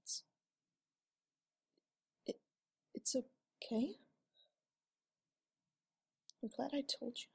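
A woman in a whispered role-play, voicing an ashamed young woman who confides haltingly and apologizes often. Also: high voice, steady tone, exaggerated voice. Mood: tearful. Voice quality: soft, hushed and breathy. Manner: halting and apologetic, with many restarts.

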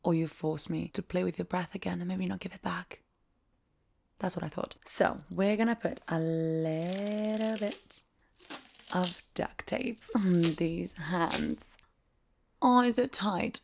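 A woman playing a strict, teasing Italian tutor in a whispered role-play, slow and domineering with soft laughs. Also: on the low side, steady tone, vocal fry, full character voice.

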